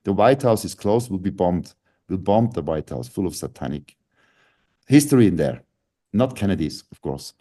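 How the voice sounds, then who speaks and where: A man's voice: low-pitched, animated, moderate pace, warm tone. A man on a radio show giving an emphatic, lecturing conspiracy talk monologue, repeating key words for stress.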